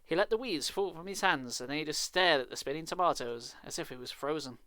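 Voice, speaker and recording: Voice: medium pitch, expressive, a little fast, bright, forceful tone, no room sound. Streamer reading a spooky kids book live, cracks sarcastic jokes, swears, dry sound. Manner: casual, swears in sarcastic asides. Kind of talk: live storybook reading with asides.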